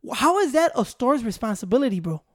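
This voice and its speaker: A man's voice: extremely high pitch, sing-song, quick pace. A man in casual podcast chat, arguing and swearing, calling his friend "bro". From Chicago area. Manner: profane, argumentative, calls his friend "bro".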